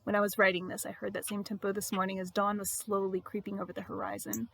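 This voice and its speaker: A woman reading her devotional blog aloud in a reflective, expressive way, with emphatic repetition. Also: medium pitch, fast.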